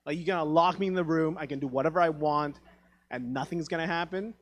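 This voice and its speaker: A Taiwanese man in his thirties does a stand-up set on a theatre stage, speaking a little high and at a quick pace. His humor is profane and self-deprecating, and he acts out the dialogue he quotes.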